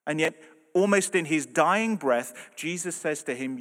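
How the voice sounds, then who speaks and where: A man preaching a sermon, earnest and emphatic, moving between loud and soft delivery. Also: fairly high pitch, measured pace. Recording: long hall reverb.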